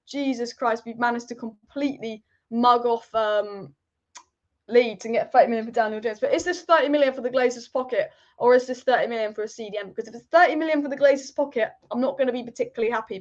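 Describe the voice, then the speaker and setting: A woman's voice: a little high, fast talker, dull audio. A woman hosting a live football chat stream, reading viewer comments and giving strong, rambling opinions that she repeats for emphasis. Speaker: football channel host.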